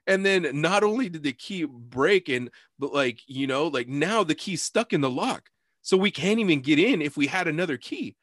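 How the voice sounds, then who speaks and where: A man's voice: fairly high pitch, moderate pace, no echo, clean studio sound. Young man telling a rowdy story. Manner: animated storytelling, heavy cursing, acts out quotes. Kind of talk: casual podcast chat.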